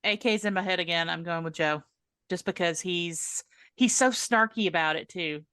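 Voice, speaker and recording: Bright, lowish woman reasoning aloud. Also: normal speed, clear, resonant tone, dry recording. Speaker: podcast co-host. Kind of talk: casual chat.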